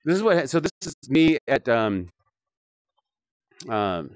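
A man chatting loosely through a live game stream, joking, rambling and cursing as he plays. His voice sits at an ordinary middle pitch, recorded close and dry with no room sound. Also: sing-song, takes it slowly, no room sound. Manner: joking, rambling, swears often. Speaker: streamer playing a VR shooter. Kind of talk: casual live-stream commentary.

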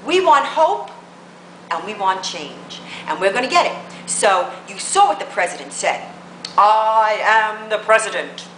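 Woman blogger ranting hard, bright voice, lots of up and down, echoey room. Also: mid-range voice, wildly swooping pitch, moderate pace, a little hiss or hum. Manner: combative, emphatic, rhetorical questions. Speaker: political blogger. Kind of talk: political rant to camera.

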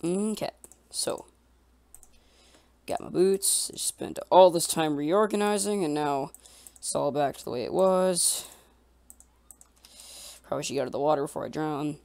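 A man giving casual let's-play commentary, excitable and talking to himself and the creatures in the game. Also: fairly high pitch, unhurried, vocal fry, long pauses, no room sound. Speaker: gamer.

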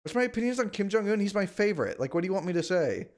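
A man's voice: high-pitched, very animated, rapid-fire. Exasperated, whiny male game streamer. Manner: whiny, exasperated outbursts and repeated complaints; shouts at the screen. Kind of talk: live gameplay commentary.

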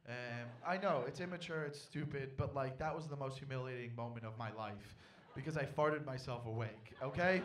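A young male stand-up comedian performs his set into a handheld mic on a club stage. His voice sits a little high and rings bright and sharp, and he bursts into loud, panicky outbursts as he acts out his story. A faint hum of the room sits underneath. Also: moderate pace, distant mic.

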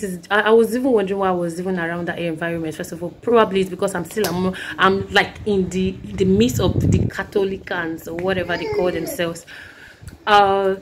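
Woman, sore throat, mid pitch; rambling, earnest faith talk over faint noise. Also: fairly quick. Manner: rambling, restarts often, earnest. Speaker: Christian vlogger. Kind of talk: recounting a dream, preaching.

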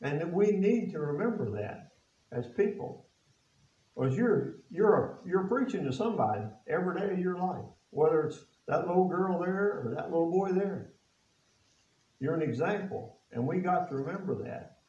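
A man's voice: high voice, expressive, moderate pace, warm tone. A man preaching a sermon as pastor, asking the congregation rhetorical questions, reading scripture aloud in old biblical wording and talking in plain, folksy speech. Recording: echoey, distant and dull-sounding.

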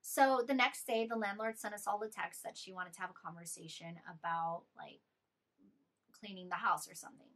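A young woman vlogger telling an animated, exasperated storytime about a bad living situation. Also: mid-range voice, moderate pace. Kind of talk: storytime vlog.

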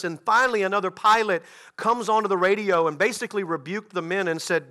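A man preaching a sermon as a guest pastor, telling a story in an animated way with frequent restarts. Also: high voice, quick pace.

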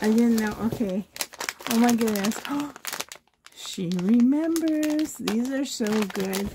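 A hoarse woman from Canada gushing with delight as she unboxes a reborn doll trade for her vlog. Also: fairly high pitch, mellow. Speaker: reborn doll collector vlogger.

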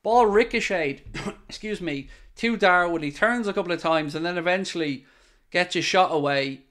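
An Irish man with a Dublin accent hosting a live football watchalong, reacting excitedly to the play and chatting back to viewers. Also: high voice, normal speed. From Ireland. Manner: chatty, answering viewer comments. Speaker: watchalong host.

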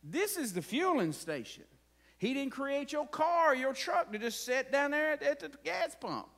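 A man's voice: very high voice, big pitch swings, measured pace, creaky, fairly bright tone. A man preaching a conversational sermon as pastor, asking the congregation frequent rhetorical questions.

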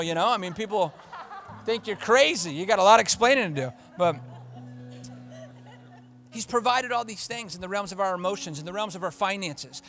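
A pastor preaching a sermon in church, emphatic and repetitive, swinging from loud declarations to hushed asides. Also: male voice, high voice, a little fast, faint music behind.

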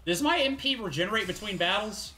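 Casual live streamer, wry and profane, animated delivery over faint game music. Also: medium pitch, fairly quick. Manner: wry, rambling, profane asides. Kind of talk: casual live-stream commentary while gaming.

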